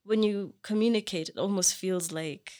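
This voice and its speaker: A woman's voice: mid-range voice, normal speed, dark tone. A young woman from Kenya, co-hosting a casual podcast chat, laughing often and mimicking people's reactions as she tells stories.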